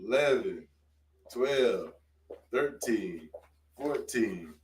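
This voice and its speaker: A man counting along as a training partner, speaking slowly. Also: medium pitch, animated, reverberant. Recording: distant mic with faint noise.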